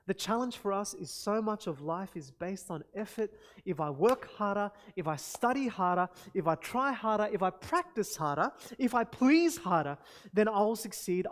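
Name: none. Role: earnest male pastor preaching. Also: sits high. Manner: earnest, exclamatory, addresses congregation directly. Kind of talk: sermon.

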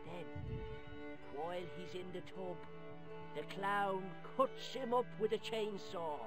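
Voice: medium pitch, slow pace, music in the background, close to an everyday voice. An actor voicing a cheeky, mouthy young Irish boy in a video game, with an Irish accent and a brash, boastful way of talking. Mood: spooky storytelling. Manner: brash, boastful, tall-tale telling.

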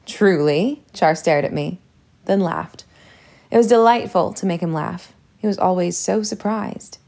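A woman narrating a storybook aloud in a steady, measured way. Her voice carries a noticeable gravelly fry. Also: on the low side. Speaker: audiobook reader.

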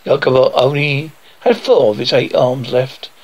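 A man's voice: mid-range voice, animated, normal speed, rough recording. A man reading a children's adventure story aloud, voicing the sound effects theatrically. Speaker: storyteller reading his book.

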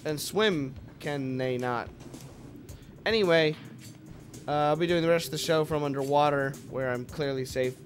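Excitable young man commentating gameplay. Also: fairly high pitch, normal speed, faint music behind. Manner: excitable, jokey, swears and yelps at the game. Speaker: let's play host.

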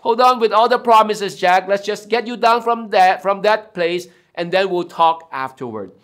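A man voicing God as a calm, patient presence who gives reassuring instructions. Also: high voice, normal speed.

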